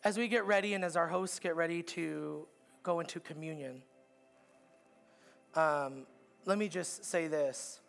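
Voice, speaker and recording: A pastor preaching a sermon in a church, with an earnest, repetitive cadence that builds to emphatic peaks. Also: male voice, a little high, unhurried, vocal fry, pauses often, a bit bright, faint music behind. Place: church auditorium.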